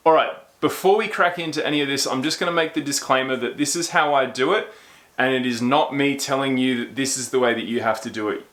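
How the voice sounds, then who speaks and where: A man's voice: mid-range voice, fast, fairly bright tone. A man explaining a process step by step at a whiteboard in an enthusiastic, jokey way. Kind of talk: casual explainer. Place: indoors at a whiteboard. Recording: echoey indoor room.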